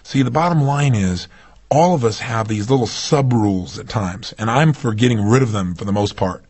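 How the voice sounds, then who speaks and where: A man with a husky, slightly rough voice delivers a motivational seminar talk. He speaks emphatically and keeps turning to the audience with rhetorical questions. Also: mid-range voice, moderate pace, a little mellow.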